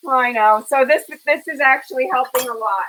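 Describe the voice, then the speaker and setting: Woman chatting over a video call while she cooks, kinda high bright voice, giggles a lot. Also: moderate pace, a little hiss or hum, low-quality recording. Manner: giggly, chatty, narrates steps. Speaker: cooking show co-host. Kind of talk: casual chat while cooking. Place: home kitchen.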